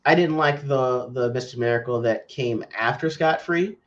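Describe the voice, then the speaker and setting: A man co-hosting a casual comics chat, ranting in an animated way and slinging slang. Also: mid-range voice, moderate pace, dull audio. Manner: animated, ranting, slangy, says bro a lot. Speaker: podcast co-host.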